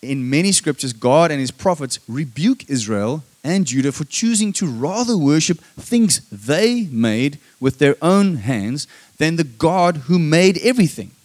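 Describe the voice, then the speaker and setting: A man preaching a sermon, emphatic and calling for amens, moving between loud stressed lines and soft hushed passages. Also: fairly high pitch, sing-song, unhurried. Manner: emphatic, calls for "Amen?" from the congregation.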